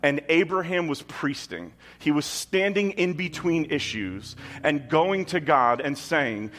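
A man's voice: a little high, measured pace, few pauses, a bit bright. A man preaching a sermon in a conversational style, with emphatic asides to the congregation. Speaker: pastor. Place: church with kids in the room.

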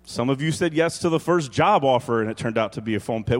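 A male pastor in his thirties delivers a lively, joking sermon in a church hall with a long reverb tail. He swings from hushed, weighty phrases to loud, excited bursts. His voice sits in an ordinary middle pitch. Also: fast. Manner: animated, joking, swings between quiet emphasis and loud exclaims.

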